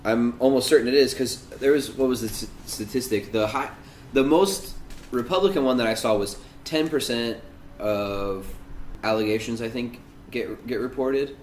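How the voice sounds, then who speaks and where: A man in relaxed podcast chat, circling his point with halting restarts and fillers. His voice sits at an ordinary middle pitch. The room rings audibly, with a faint hiss behind him. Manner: hesitant, many restarts and fillers. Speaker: podcast co-host. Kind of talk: casual political chat. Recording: echoey room with faint noise.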